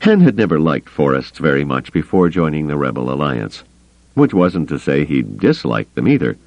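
A man reading an audiobook in a measured, expressive storytelling manner. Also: rumbling low, vocal fry, no echo. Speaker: audiobook narrator. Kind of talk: scripted audiobook narration. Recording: dry, slightly muffled studio recording.

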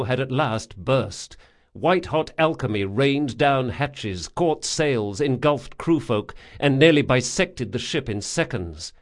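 Reading a fantasy novel aloud, this male narrator uses an ordinary medium-pitched voice. His delivery is steady and dramatic, with the action paced in a measured way.

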